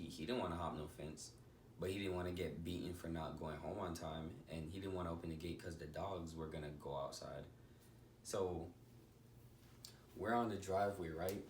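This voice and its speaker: A man with a very low voice tells a childhood story in a casual vlog, lively and laughing as he acts out what happened. He sits back from the mic in an echoey bedroom, with faint music playing under his voice. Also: far from the mic, a little hiss or hum. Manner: animated, laughs often, acts out scenes. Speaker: vlogger. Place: indoor room, bedroom.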